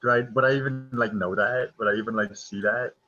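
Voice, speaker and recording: A man's voice: medium pitch, fairly even intonation, a little fast, pushed and bright, dull audio. A man playing in a tabletop game, speaking casually with hesitant phrasing. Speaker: player.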